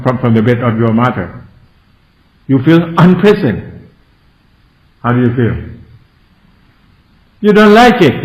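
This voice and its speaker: A Buddhist monk from Thailand with a Thai accent, giving a Dhamma talk in simple broken English and often asking the listeners if they follow. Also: male voice, medium pitch, a little mellow. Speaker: Buddhist monk teaching meditators. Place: meditation centre hall. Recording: echoey, dull lo-fi room recording.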